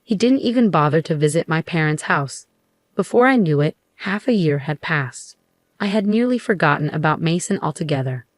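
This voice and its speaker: A woman reads a first-person story in an even, measured way. Her voice is on the low side, and the recording is dry and close. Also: dry recording. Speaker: narrator.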